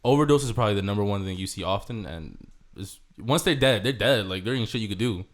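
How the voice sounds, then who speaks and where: A man's voice: lowish voice, expressive. A young man, a podcast co-host who works as an EMT, telling stories in casual chat, swearing freely and dropping in Spanish words. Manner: fast storytelling, swearing, drops Spanish words.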